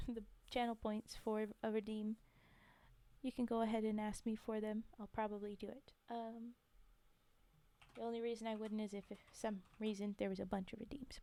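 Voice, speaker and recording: Soft, smooth-voiced female streamer. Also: a little high, flat delivery, normal speed. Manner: soft-spoken, chatty, thanks viewers between verses. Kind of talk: livestream poetry reading and chat.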